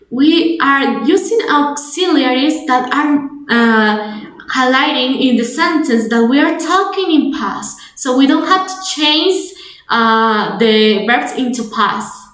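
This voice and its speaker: A woman's voice: high voice, fairly bright tone, echoey room. A young woman with a Spanish accent, a native Spanish speaker teaching an English grammar webinar, explaining step by step with restarts. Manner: explanatory, repeats and restarts, code-switches to Spanish.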